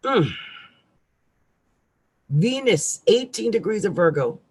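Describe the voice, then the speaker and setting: Husky, ranting woman astrologer. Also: medium pitch, big pitch swings, slow. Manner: ranting, irritable, swings between loud outbursts and quiet asides. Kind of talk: live-streamed rant.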